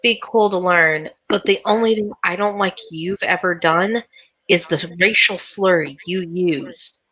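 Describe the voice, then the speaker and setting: A woman's voice: lowish voice, measured pace, a bit bright, no echo, poor audio. A woman playing a tabletop role-playing game, speaking bluntly and directly in character. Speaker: tabletop role-play player.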